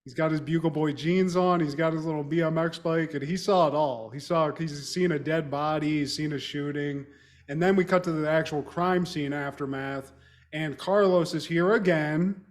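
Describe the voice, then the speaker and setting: High-voiced, animated man recapping a movie. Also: moderate pace. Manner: animated, laughing storyteller, swears a lot. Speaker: podcast co-host recapping a film. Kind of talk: casual profane chat.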